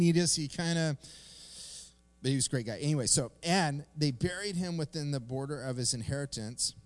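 A middle-aged pastor delivers a sermon, telling stories in a relaxed, animated style sprinkled with slang. His voice is medium in pitch.

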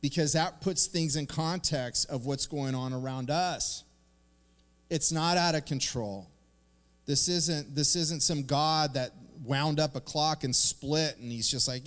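A man's voice: on the high side, a little slow. A middle-aged man preaching a casual, conversational sermon as a pastor, acting out little quoted lines as he talks. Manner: animated, conversational, acts out quotes. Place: church sanctuary. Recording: long reverb of a church hall.

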